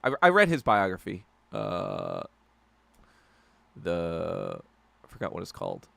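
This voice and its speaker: A man hosting his own fireside-chat podcast, swearing freely as he rants. His pitch leaps high and drops low as he talks, and he often trails off into fillers before restarting. The sound is dry and close, with no room echo. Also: wildly swooping pitch, slow, vocal fry, pushed and bright. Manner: profane ranting, heavy swearing. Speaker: podcast host. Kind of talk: casual solo fireside chat.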